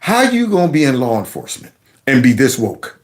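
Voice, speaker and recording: A man hosting a political commentary vlog, talking in an animated, mocking, folksy way. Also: medium pitch, brisk, slight background noise. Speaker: commentary channel host.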